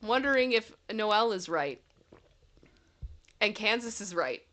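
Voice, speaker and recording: A woman's voice: medium pitch, animated, slow, a bit bright. A woman hosting a casual livestream, chatty and talking through a lingering cold. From Canada. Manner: chatty, reads song-lyric riddles aloud to chat. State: congested with a cold. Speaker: livestream host.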